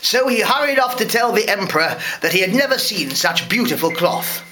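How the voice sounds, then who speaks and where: A man, a parent, reading a fairy tale aloud to a school class in a lively, expressive way. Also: sits high, a little fast. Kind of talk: storybook read-aloud.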